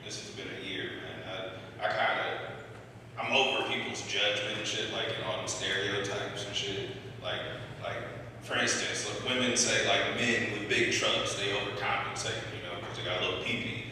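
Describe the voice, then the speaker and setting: A man's voice: on the low side, fairly even intonation, moderate pace, noisy background. Young male stand-up comic, loose rambling delivery; live room with long reverb, audience laughing behind. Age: 20s. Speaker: stand-up comedian. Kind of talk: stand-up comedy set. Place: comedy club stage. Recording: echoey live room, mic far off.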